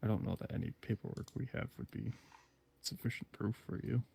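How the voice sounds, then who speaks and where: A man's voice: lowish voice, brisk, creaky, warm tone, breathy edge. A man playing a tabletop game, talking in a matter-of-fact way. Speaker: player. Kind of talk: casual tabletop play.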